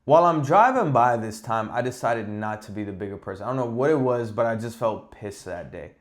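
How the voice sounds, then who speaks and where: A man's voice: mid-range voice, fairly quick. Exasperated man ranting on a podcast. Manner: animated, exasperated, profane. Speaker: podcast host. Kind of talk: casual ranting monologue.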